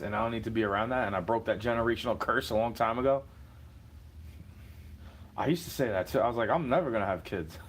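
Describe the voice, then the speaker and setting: A livestream host with a mid-range voice launches into an unscripted, profane rant, sarcastically mocking his opponents and imitating them. He's far from the microphone in an echoey room, with faint background ambience and a little hiss or hum.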